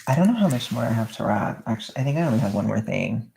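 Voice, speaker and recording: A young woman vlogging at home, chatting casually and rambling in a soft-spoken way while she wraps gifts. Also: very deep voice, very animated, fast, gravelly, slight background noise.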